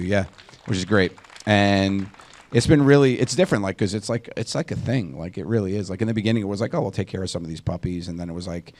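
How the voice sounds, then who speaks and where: A man in his forties, a guest on a talk panel, telling stories in a casual, animated way, laughing often and acting out what others said. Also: sits low. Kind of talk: casual conversational storytelling.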